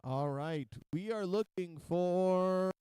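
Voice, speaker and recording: High-voiced man calling robot fights. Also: takes it slowly, clear, resonant tone, no echo. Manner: counts down loudly, calls hits. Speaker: robot combat announcer. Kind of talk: live arena commentary.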